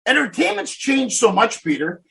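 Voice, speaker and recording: A man hosting a podcast, chatting casually with a guest, telling loud stories full of quoted dialogue and swearing. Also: very high voice, wildly swooping pitch, normal speed, gravelly. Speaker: podcast host. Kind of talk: casual interview chat.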